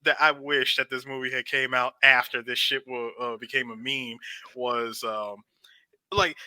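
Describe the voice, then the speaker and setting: A man co-hosting a casual movie review podcast, animated, acting out scenes and laughing often. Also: medium pitch, moderate pace, dry recording. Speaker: podcast co-host.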